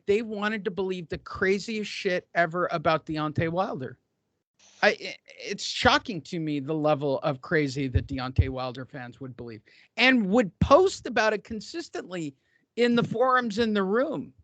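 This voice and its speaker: A man's voice: sits high, fairly bright tone, no room sound. A man hosting a casual boxing podcast, sarcastic and profane, stretching words for emphasis.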